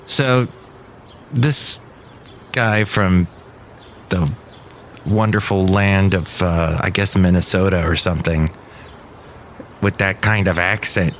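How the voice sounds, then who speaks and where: A man's voice: deep voice, a little hiss or hum. Rambling, wry podcast host man. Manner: rambling, wry, opinionated asides. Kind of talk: casual solo podcast monologue.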